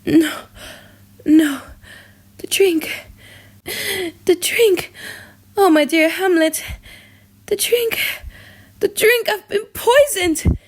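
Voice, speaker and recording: A woman voicing a desperate older queen in an audiobook drama, crying out in anguish, with a gravelly edge. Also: high-pitched, sing-song, unhurried, heavily acted.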